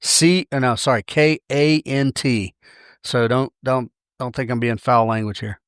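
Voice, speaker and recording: A man's voice: medium pitch, fairly even intonation, measured pace, fairly bright tone, clean tone, dry recording, clean studio sound. A man with a Southern accent hosting a podcast, talking through ideas in a chatty, wry way and often correcting himself mid-sentence. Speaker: podcast host. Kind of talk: casual monologue.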